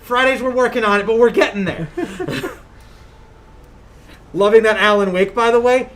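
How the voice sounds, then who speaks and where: Woman from long island chatting on a gaming stream podcast, animated, jokes and laughs a lot. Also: on the high side, normal speed, slight background noise. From Long Island, New York. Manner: animated, jokey, laughs often, shouted put-on quotes. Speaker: podcast co-host. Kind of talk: casual gaming podcast chat. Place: streaming setup.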